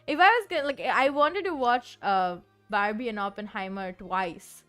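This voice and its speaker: A young woman streamer talks in loose, casual chat, her voice sitting a little high. She rambles and giggles as she goes, filling gaps with "like". Soft music plays faintly behind her. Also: moderate pace, clean tone. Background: soft background music.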